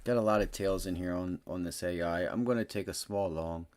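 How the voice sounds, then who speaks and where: A man hosting a live day-trading stream, cursing bluntly and swinging between low muttering and loud excited bursts. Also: brisk. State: frustrated. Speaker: livestream day-trading host.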